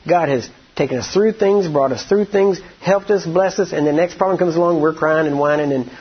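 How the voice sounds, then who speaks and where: A man's voice: high-pitched, a little fast, husky, dull audio. A man preaching a conversational sermon, often asking the congregation for agreement.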